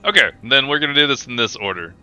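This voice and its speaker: A man's voice: medium pitch, expressive, quick pace, pushed and bright, clean tone, faint music behind. A man running a tabletop game as game master, narrating casually with lots of fillers.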